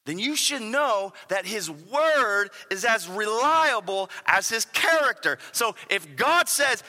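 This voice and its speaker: Animated high-voiced male preacher. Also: measured pace, long reverb tail. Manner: animated, stammering restarts, rhetorical "right?". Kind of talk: sermon.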